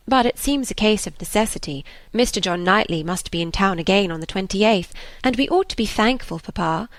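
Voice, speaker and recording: A woman's voice: medium pitch, dry recording, natural voice. Woman voicing a confident clever young lady.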